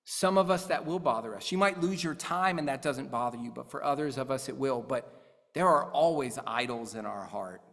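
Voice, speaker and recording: A man's voice: mid-range voice, normal speed, gravelly, fairly bright tone, long reverb tail. A man in his thirties preaching a sermon as pastor, earnest and conversational, using everyday examples.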